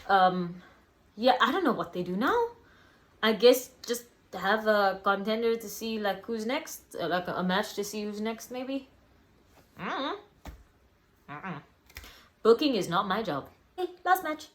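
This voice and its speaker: A woman's voice: medium pitch, animated, measured pace, pauses often. A young woman casually reviewing a wrestling event, rambling with lots of fillers and self-corrections. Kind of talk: casual solo review vlog.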